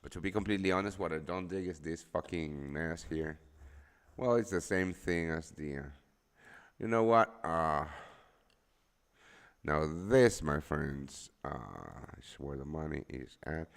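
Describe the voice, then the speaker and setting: A man who has just woken up, chatting loosely to viewers with plenty of fillers and swearing. His voice sits low with a gravelly fry. The sound trails off with a long reverb. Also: a little slow. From El Salvador. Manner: rambling, swears freely, lots of fillers. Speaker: forex trading streamer. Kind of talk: casual live-stream chat.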